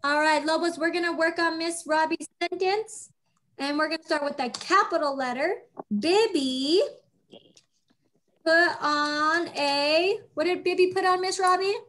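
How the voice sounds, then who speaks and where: A woman teaching young children over a video call, patient and encouraging, speaking slowly and clearly. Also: extremely high pitch, a bit bright.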